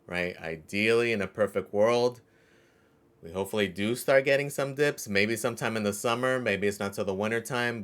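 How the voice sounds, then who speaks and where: A man's voice: fairly low pitch, a bit bright. A man hosting a crypto mining vlog, talking casually and conversationally, often tagging his sentences with "right?". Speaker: crypto mining channel host. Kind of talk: casual vlog talk to camera.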